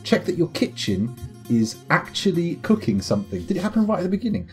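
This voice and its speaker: Soft music plays behind a young British streamer from the United Kingdom whose slightly high voice swings widely in pitch at a fairly quick pace. He rambles, jokes, and pokes fun at himself while commentating casually on a game.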